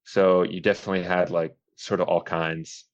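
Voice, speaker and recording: A man with a deep, low voice talks loosely as a podcast guest, swearing casually and laughing easily. The recording sounds a bit dull and lo-fi. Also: flat delivery, moderate pace. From Boston area, USA. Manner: laid-back, swears casually, laughs often. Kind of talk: casual chat.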